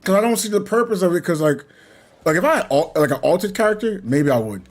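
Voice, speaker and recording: Young guy rambling about life while he games, lively up-and-down voice a bit on the high side, soft game music under it. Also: fast talker. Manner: rambling, reflective, chuckles between points. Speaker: gaming channel host. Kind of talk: casual talk while playing a game.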